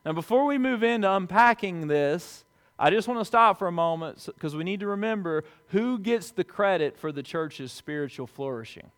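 A man pastor delivering a sermon in a conversational way, asking the congregation questions and moving between hushed, quiet asides and emphatic, louder swells. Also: high voice, lively intonation, moderate pace, clean tone. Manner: conversational preaching with rhetorical questions.

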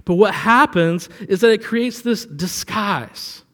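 A man's voice: high-pitched, expressive, slow pace, fairly bright tone, in a large hall. A man preaching a sermon in a conversational way, telling a personal story and rising for emphasis. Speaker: pastor.

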